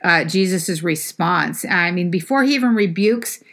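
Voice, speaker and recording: A woman's voice: on the low side, expressive, measured pace, a bit bright. A woman preaching a sermon in a conversational way, with frequent fillers and restarts.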